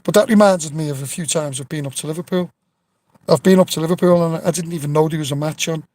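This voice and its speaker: A man telling stories in a relaxed live stream, swearing freely and restarting his sentences, recorded on a phone outdoors. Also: a little high, fast, dry recording, poor audio. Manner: rambling storyteller, swears freely, many restarts. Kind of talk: casual live-stream chat. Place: outdoors near an old tree.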